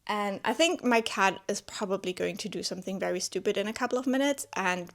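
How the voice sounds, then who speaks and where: A woman's voice: mid-range voice, a little fast. A woman vlogging from home about a novel, talking in a loose, chatty way with lots of fillers and self-corrections. She speaks English as a second language and sounds openly moved, often exclaiming as she goes. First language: not English. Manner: chatty, heavy use of "like" and restarts; emotionally animated, exclaiming. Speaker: book vlogger. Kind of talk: casual spoken book review. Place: at home with her cat.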